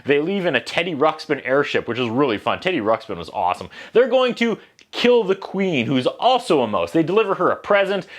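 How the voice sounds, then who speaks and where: A man's voice: on the high side, sing-song, fairly quick. A man giving a casual, comedic movie review from home, full of sarcastic, wry asides.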